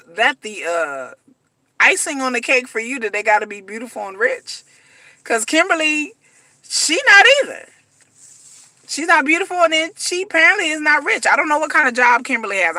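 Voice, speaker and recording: Bright-voiced woman ranting animatedly. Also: sits high, dry recording. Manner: animated, acts out the people she talks about. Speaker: reality TV commentator. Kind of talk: casual rant to viewers.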